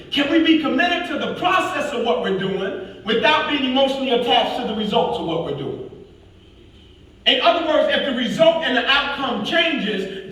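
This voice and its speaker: A man's voice: extremely high pitch, fairly bright tone. A middle-aged man gives an emphatic motivational speech to a live audience. He repeats key lines and keeps asking "right?". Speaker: motivational speaker. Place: large hall with an audience. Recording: echoey hall from far off, faint noise.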